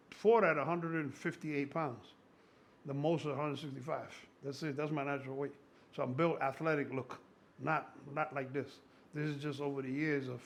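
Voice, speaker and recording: A man in his sixties, a strength coach, talking casually in an excitable, profane, rambling way with a gravelly voice. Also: a little high, slight background noise. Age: 60s. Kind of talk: casual conversation.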